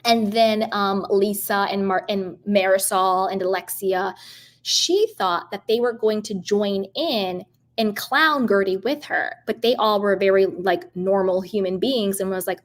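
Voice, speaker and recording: A woman's voice: mid-range voice, unhurried. A woman giving a casual, indignant recap of a reality show, talking straight to camera and acting out what others said. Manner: animated, indignant, acts out quoted voices. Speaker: reality TV commentator.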